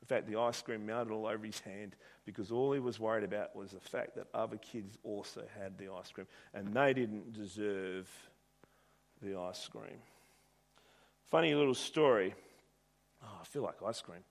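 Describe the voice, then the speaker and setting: A man's voice: on the low side, moderate pace, gravelly. Male preacher, conversational, rhetorical questions. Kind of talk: sermon with a told story.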